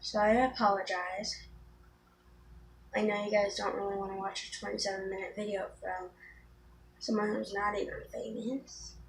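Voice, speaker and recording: A woman's voice: medium pitch, flat delivery, moderate pace, long pauses, slight background noise. A teenage girl chatting casually through a makeup tutorial, rambling with ums and restarts. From Florida. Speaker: beauty vlogger.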